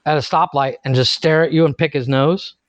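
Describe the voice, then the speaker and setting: A man's voice: fairly high pitch, fairly even intonation, fairly quick, no room sound. A man in his thirties co-hosting a podcast, chatting casually, swearing freely and laughing at his own stories. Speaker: podcast co-host. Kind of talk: casual chat. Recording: dry, muffled lo-fi sound.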